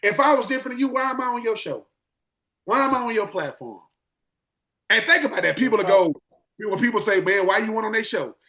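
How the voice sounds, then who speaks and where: A former football player in his forties from Swainsboro, Georgia tells animated stories on a casual podcast. He speaks in a high voice at a brisk clip, acting out quotes and repeating words.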